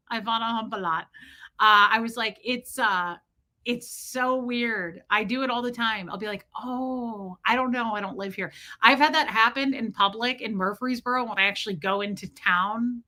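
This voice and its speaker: A middle-aged woman on a casual live stream, telling a rambling, self-mocking story with deadpan jokes and reading out chat. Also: on the high side.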